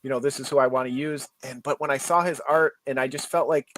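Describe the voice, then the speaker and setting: A man's voice: medium pitch, steady tone, fast, fairly bright tone, slight background noise. A man who is a comic book writer, talking as a guest in a friendly way and telling stories with many restarts. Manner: friendly, storytelling, frequent restarts. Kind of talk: casual interview.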